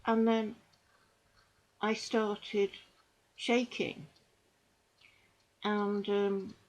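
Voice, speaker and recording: A middle-aged woman gives earnest personal testimony to camera, halting and repeating herself. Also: medium pitch, flat delivery, slight background noise, low-quality recording. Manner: halting and repetitive, with restarts; earnest and emotional, with bitter dark humour. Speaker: survivor giving testimony.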